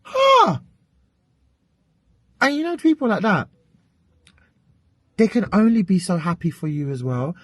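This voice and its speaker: A British woman vents in a chatty vlog, exasperated and swearing freely. Her pitch leaps and dips all the time. The sound is dry and close. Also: normal speed, pauses often, dry recording. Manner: animated, exasperated ranting with frequent swearing. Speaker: vlogger.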